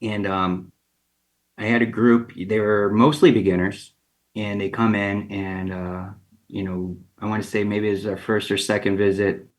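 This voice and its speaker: Casual, lively man telling a story. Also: lowish voice, a little slow. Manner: casual and animated, acts out quoted dialogue, many fillers. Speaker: ceramic artist guest. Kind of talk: relaxed storytelling interview.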